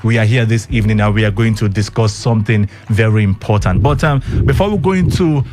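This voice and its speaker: Against a noisy background, a fast-talking radio host with a low voice chats with his listeners and goes over the news. He keeps it casual, throwing rhetorical questions at the audience with plenty of ums, all from a radio studio.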